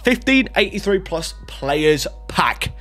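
A young man hosts a pack-opening gaming video with a lively, bouncing voice. He jumps from excited shouts to drawn-out groans. Faint music plays underneath. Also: high voice. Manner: excitable, swinging between hype and groans. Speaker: gaming YouTuber.

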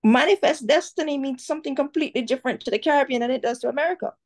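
A woman with a Jamaican accent speaks as an interview guest, outspoken and animated. Her voice sits a little high. She talks casually and pushes her points hard. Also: rapid-fire. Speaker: cultural commentator, guest.

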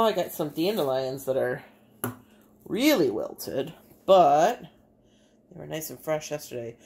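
A Bay City, Michigan–accented artist and teacher works on a craft demonstration in her home kitchen, chatting casually and voicing her thoughts. Her voice is on the low side and a little mellow.

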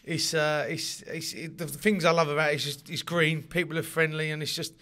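A man chats casually in an interview. His voice is bright and sits a touch high, and he stumbles over his words, repeats himself and laughs easily. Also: little pitch movement, brisk. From London. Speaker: interviewee, rugby league player.

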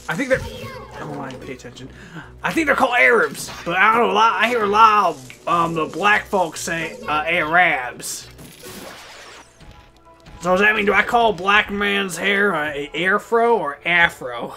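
A young man hosting a let's play, talking casually and swearing loudly at the game. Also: high-pitched, expressive, faint music behind. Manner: loud, profane, quick frustrated outbursts. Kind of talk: casual gameplay commentary.

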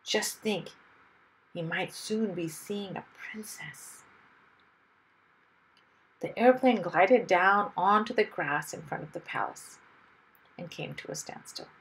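A woman reading a children's story aloud with expressive, lively storytelling. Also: on the low side, slow, pauses often, rough recording. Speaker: storybook reader.

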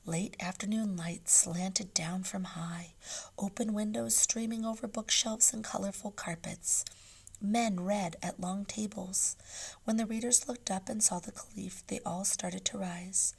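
A woman teacher reading a chapter book aloud to her class, narrating softly, often in a whisper, then turning animated when she asks the class questions. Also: medium pitch, measured pace, creaky, breathy edge.

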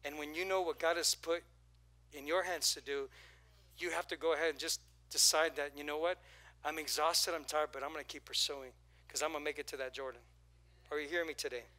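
A man giving a casual, story-driven sermon as pastor in a church auditorium. His voice sits a little high and rings very bright, and he keeps drawing the congregation in with prompts to turn to their neighbor. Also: steady tone, brisk. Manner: conversational, storytelling with acted quotes and crowd prompts.

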